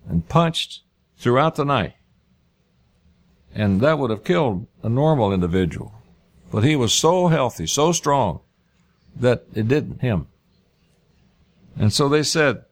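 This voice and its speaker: A man preaching through a Bible passage verse by verse, reading each verse aloud and then restating it in plain everyday words, often repeating key phrases for emphasis. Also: medium pitch. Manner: reads scripture aloud then paraphrases it in plain speech.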